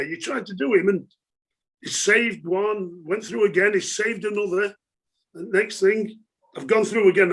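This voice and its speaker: A middle-aged man, telling stories from his football career in a chatty way, laughing and using lots of fillers. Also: high voice. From England. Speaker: former footballer, guest. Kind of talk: casual storytelling interview.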